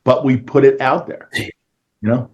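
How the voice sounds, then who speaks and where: A man's voice: medium pitch, steady tone, unhurried, a little mellow, dull audio. A man with a Philadelphia accent, a real estate agent talking energetically and in a salesy way on a casual panel call.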